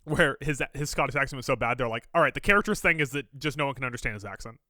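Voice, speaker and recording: Lively, bright-voiced teasing podcast guy. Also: medium pitch, rapid-fire, dry recording, clean studio sound. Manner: teasing, wisecracking. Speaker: podcast co-host. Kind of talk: casual chat.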